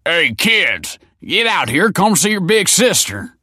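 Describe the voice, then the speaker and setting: A man voicing a blunt, tactless middle-aged delivery man who yells his words slowly. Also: mid-range voice, breathy edge, no echo, studio quality, pitched above the performer's own voice.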